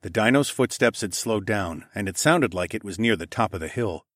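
A man narrating a first-person audiobook story in a steady, even storytelling manner. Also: fairly low pitch, normal speed, no echo, clean studio sound.

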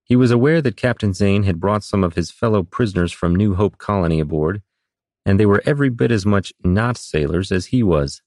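A man narrating a fantasy audiobook with a very deep voice. His reading is steady and even, and the sound is dry and close, with no room echo. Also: a little fast. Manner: steady, even storytelling delivery.

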